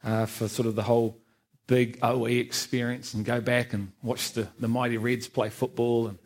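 A man's voice: medium pitch, flat delivery, normal speed, darkish tone. A man giving a personal church testimony, frank and self-mocking, often laughing at himself. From England. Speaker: testimony speaker.

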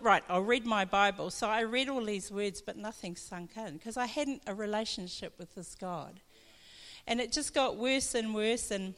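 A woman's voice: medium pitch, fairly bright tone. A woman pastor gives a chatty personal testimony in church, often laughing as she tells her story. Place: church hall. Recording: long hall reverb.

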